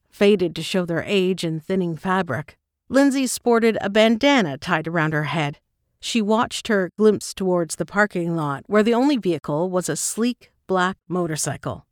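A woman reading scripted narration in a measured, descriptive way. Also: mid-range voice, dry recording, clean studio sound. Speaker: audiobook narrator.

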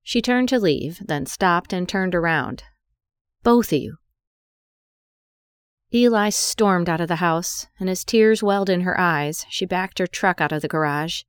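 A woman narrating an audiobook story in an even, measured way. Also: lowish voice, smooth, no echo, clean studio sound.

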